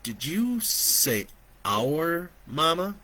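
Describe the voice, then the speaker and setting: A man's voice: fairly high pitch, sing-song, very slow, bright, forceful tone, voice pushed up, exaggerated voice. A man voicing a hungover, foul-mouthed grown man who swears and stammers in panic. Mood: frightened.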